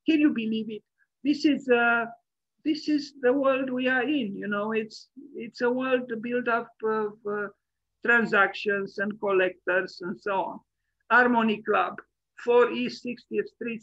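A man's voice: high voice, vocal fry, fairly bright tone, dry recording, dull audio. A man giving an online architecture lecture as host, rambling and opinionated, with many fillers and restarts.

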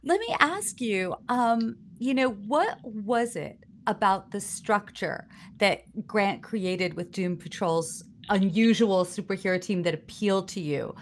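An American woman leading a casual interview, speaking with enthusiasm while pausing often with "uh" and "um". Her voice sits in a middle register for a woman. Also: medium pitch, animated, a little hiss or hum. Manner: enthusiastic, hesitant with "uh" and "um". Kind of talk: casual conversation.

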